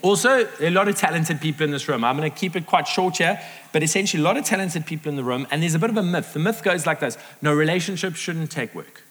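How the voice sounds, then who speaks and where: A middle-aged man preaching a sermon to a live audience, lively and acting out the voices he quotes. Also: a little high, racing. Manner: animated, acts out quoted voices. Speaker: pastor. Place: large hall with audience. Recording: reverberant hall.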